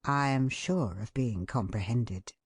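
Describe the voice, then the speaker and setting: A woman's voice: rumbling low, takes it slowly, husky, dry recording, clean studio sound. A woman reading an audiobook aloud, shifting her tone to act out the quoted lines. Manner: expressive, shifts tone for quoted speech. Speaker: audiobook narrator. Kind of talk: scripted narration.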